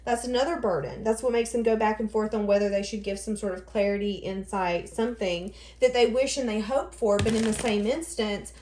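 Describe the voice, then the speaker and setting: A woman's voice: medium pitch, fairly even intonation, fairly quick, hardly any pauses, a little mellow, a little hiss or hum. A woman giving a casual tarot reading, rambling and thinking aloud as she goes. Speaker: tarot reader. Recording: echoey room.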